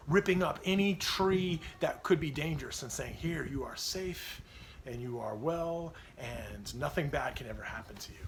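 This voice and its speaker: A man's voice: medium pitch, fairly bright tone, slight background noise. A man in his thirties, a pastor giving a devotional talk on parenting, telling a personal story in an earnest, confessional way.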